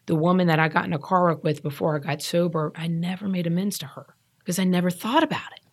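As an interview guest, a low-voiced woman in her thirties candidly shares her recovery story at a quick pace, with a breathy edge. She is earnest and emphatic, circling back to repeat the points that matter to her.

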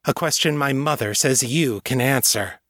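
A man voicing a fierce young horned half-demon woman warrior who speaks sharp and venomous in a storybook reading. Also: medium pitch, moderate pace, no room sound, clean studio sound, lightly acted. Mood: cold.

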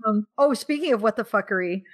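Animated American woman co-hosting a podcast. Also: medium pitch, quick pace. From United States. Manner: animated, laughing, exclaims. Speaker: podcast co-host. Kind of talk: casual chat.

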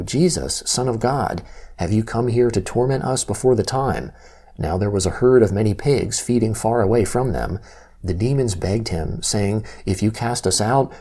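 A man reads scripture aloud with a measured, steady delivery. His voice sits a little low and has a mellow, warm tone. There is a soft husky grain to it. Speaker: scripture reader. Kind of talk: scripture reading.

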